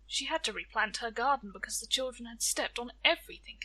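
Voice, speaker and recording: A woman telling a folk tale in storybook narration, expressive and slowing down for effect. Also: a little high, rough recording.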